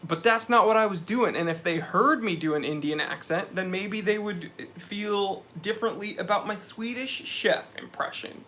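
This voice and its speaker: A man's voice: sits high, normal speed, hardly any pauses, pushed and bright, slight background noise. A young man hosting a casual live stream, sweaty after a hike, talking with energy as he reads out viewers' chat messages.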